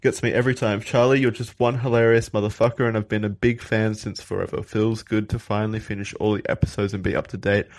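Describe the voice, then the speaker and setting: Male podcast host reading fan shout-outs, lowish voice, dry sound, laid-back. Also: flat delivery, fast talker, few pauses, dry recording. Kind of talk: reading listener messages aloud.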